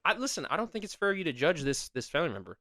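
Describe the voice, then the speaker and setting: A man's voice: fairly high pitch, big pitch swings, racing, sharp tone, no room sound, studio quality. A man co-hosting a casual podcast chat, arguing his point with his voice jumping up whenever he protests. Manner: argumentative, voice jumps up when protesting. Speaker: podcast co-host.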